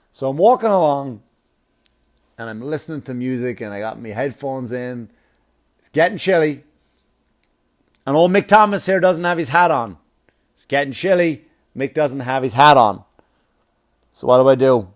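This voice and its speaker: A man's voice: mid-range voice, normal speed, long pauses. Profane man telling a comic story. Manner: profane, animated, laughs at his own story. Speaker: stand-up comedian.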